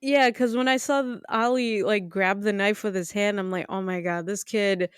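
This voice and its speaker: A woman co-hosting a podcast, chatting casually about a horror film with expressive, incredulous reactions and laughter. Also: medium pitch, normal speed, smooth, no room sound, studio quality. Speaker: podcast co-host.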